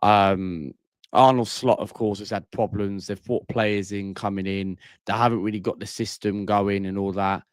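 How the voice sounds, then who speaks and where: A man's voice: fairly low pitch, steady tone, moderate pace, clear, resonant tone, no room sound, studio quality. A man hosting a casual call-in livestream, talking bluntly and tagging lines with bro and mate. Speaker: livestream host.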